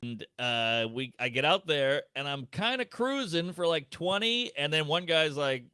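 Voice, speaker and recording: Animated, bright-voiced comedian man. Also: fairly high pitch, unhurried, clear, resonant tone, no room sound. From United States. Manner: animated, jokey, acts out other people. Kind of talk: podcast storytelling.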